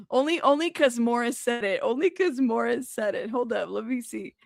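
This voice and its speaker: A woman's voice: a little high, unhurried, vocal fry, dry recording, clean studio sound. A woman hosting a live stream, chatting casually, reading viewer comments aloud, laughing, and swearing as she reacts.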